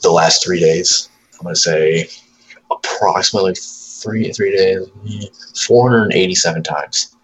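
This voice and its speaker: Man, 30s, very low voice, casual profane storytelling, faint room ambience. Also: steady tone, a little slow, highs cut off, slight background noise. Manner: profane storytelling, acts out his toddler's lines. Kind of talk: casual chat.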